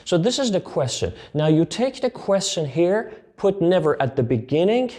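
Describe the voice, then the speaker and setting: Man teaching a grammar lesson, slow and deliberate. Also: sits high, very animated, darkish tone. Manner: slow, deliberate explanations with spoken example sentences. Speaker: English teacher.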